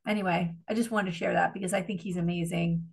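A woman's voice: on the low side, steady tone, fast, vocal fry, breathy edge. A woman co-hosting a podcast in casual chat, rambling and gushing, swearing freely as she tells a story. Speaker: podcast co-host.

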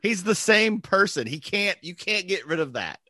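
A man with a bright, forceful, slightly high voice jokes his way through a movie trailer discussion. He often slips into quick, silly impressions. The sound is dry and close. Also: big pitch swings, no room sound. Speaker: podcast co-host. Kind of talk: casual chat reviewing a movie trailer.

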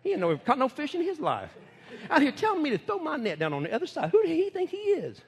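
A man's voice: very high-pitched, wildly swooping pitch, fast talker, voice pushed up, full character voice. A man voicing a grumbling, skeptical fisherman who mocks a stranger's advice. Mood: scoffing. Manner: scoffing, folksy.

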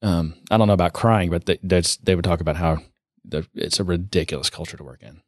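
A man co-hosting a casual tech podcast, talking in a rambling way and trailing off quietly at the ends of thoughts. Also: low-pitched, steady tone, fast talker, no room sound, studio quality. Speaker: podcast co-host.

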